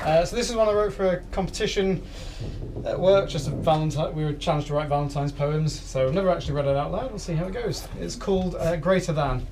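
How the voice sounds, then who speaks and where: Man, wry comic poet, high-pitched, live reading. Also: fast talker, a little mellow, a little hiss or hum. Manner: chatty, wry, building list-rhythm. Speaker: performance poet. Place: live festival venue.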